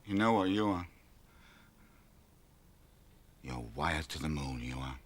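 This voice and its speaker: A man's voice: extremely low pitch, lively intonation, fairly quick, slight background noise. An actor playing a cynical, middle-aged male stand-up comedian who talks in a chatty, lecturing way in a radio play. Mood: needling. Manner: chatty, lecturing, shifts into a club comedy routine. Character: aging male stand-up comic, cynical and wheedling.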